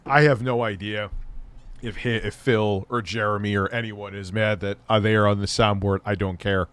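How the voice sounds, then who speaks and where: Here a middle-aged man with a lowish voice hosts a livestream of casual talk. He swears freely, laughs often and launches into sudden excited outbursts.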